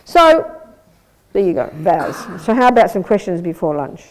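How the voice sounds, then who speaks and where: Blunt, lively woman giving a dharma talk. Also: lowish voice, normal speed, slight background noise. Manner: blunt, lively, conversational and self-mocking. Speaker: Buddhist nun teacher. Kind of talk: dharma talk with audience questions. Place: Buddhist centre teaching room.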